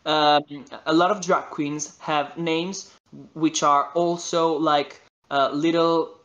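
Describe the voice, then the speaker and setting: Italian man, animated, hunting for words. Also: on the high side, slow. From Italy. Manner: animated, searches for English words. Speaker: voice actor guest. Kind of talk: casual interview chat.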